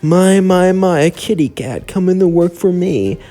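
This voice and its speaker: A man's voice: lowish voice, wildly swooping pitch, moderate pace, mellow, exaggerated voice. A man voicing a flamboyant, flirty male demon boss. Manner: flirty, drawling.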